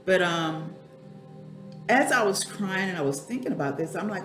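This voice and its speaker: A woman's voice: lowish voice, expressive, moderate pace, echoey room, music in the background. A middle-aged woman talking candidly and at length about her struggles in a personal vlog, her eyes watering as she speaks from home at her computer. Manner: candid, rambling, talks to herself by name. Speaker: spiritual life coach and vlogger.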